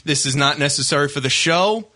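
Резкий высокий мужской голос, злая тирада. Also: male voice, on the high side, expressive, fairly quick, bright, forceful tone. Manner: angry ranting, profane. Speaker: radio show host. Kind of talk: casual radio banter.

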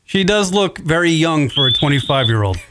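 A man's voice: fairly high pitch, expressive, brisk, noisy background. A man hosting a call-in radio show, ranting casually and swearing constantly as he rambles. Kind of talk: casual profane radio chat.

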